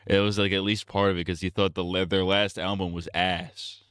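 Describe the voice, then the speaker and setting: A male streamer rants in a loose, profane, blunt ramble, often restarting his sentences. His voice is low and clean, recorded close and dry on a streaming mic. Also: flat delivery, a little fast, a bit bright, clear, resonant tone, no echo. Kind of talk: casual live-stream rant.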